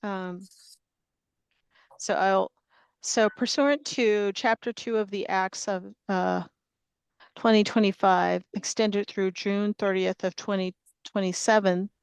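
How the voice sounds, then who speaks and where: A sick, worn-out woman runs a remote public meeting on a video call. Her voice stays smooth and clear in a dry, close sound, but she hesitates, restarts and fills gaps with ums as she reads the formal opening. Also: medium pitch, steady tone, dry recording. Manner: halting, with frequent fillers and restarts. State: sick and tired.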